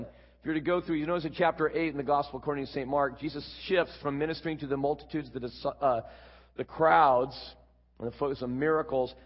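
A man preaching a sermon, explaining a Bible passage with quick asides. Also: mid-range voice. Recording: dull, echoey hall.

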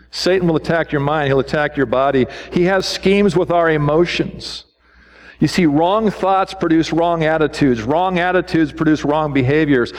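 Guy preaching a sermon, kinda high voice, long echoey church hall, asks the crowd stuff, goes low and quiet on the big points. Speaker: pastor. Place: church sanctuary.

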